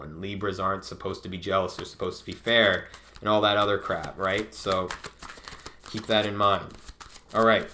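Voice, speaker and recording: A man's voice: sits low, bright, forceful tone, slight background noise. A man giving a casual tarot reading in a laid-back, profane way, filling his talk with "like". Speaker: tarot reader.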